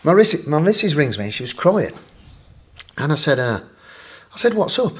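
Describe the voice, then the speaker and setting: A man, a podcast guest, telling a wild story in an animated way, laughing and swearing freely. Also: on the high side, moderate pace, breathy edge. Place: podcast studio.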